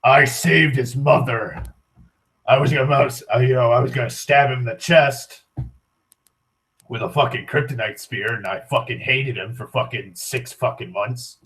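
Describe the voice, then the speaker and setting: A man mimicking a gruff, brooding Batman. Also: mid-range voice, steady tone, normal speed, fairly bright tone, distant mic, lightly acted. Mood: grim. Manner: gruff, profane, self-pitying speech. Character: grim brooding adult male superhero giving a speech.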